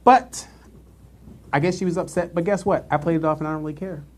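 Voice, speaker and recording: A man's voice: on the high side, fast, darkish tone. A man co-hosting a casual live-streamed chat show, telling a workplace story with sassy asides. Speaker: podcast co-host.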